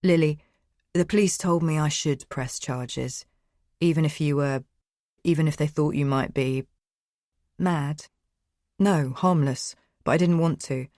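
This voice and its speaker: A man's voice: fairly high pitch, measured pace, pauses often, darkish tone, no room sound. A woman voicing a flustered man, swearing at first and then coaxing, in a dry close recording. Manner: swearing, agitated then soothing.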